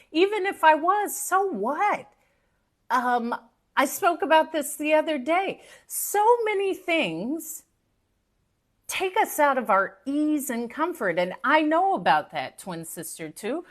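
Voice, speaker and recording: Animated high-voiced woman, live-stream pep talk. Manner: animated, preachy and playful, talks to viewers directly. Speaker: motivational speaker and live-stream host.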